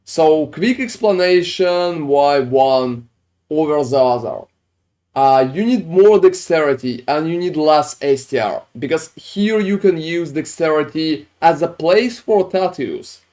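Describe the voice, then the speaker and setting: A man's voice: on the high side, lively intonation, a little slow, darkish tone. Casual swearing male streamer. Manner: casual, swears often, non-native phrasing. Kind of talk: casual livestream chat, build reviews.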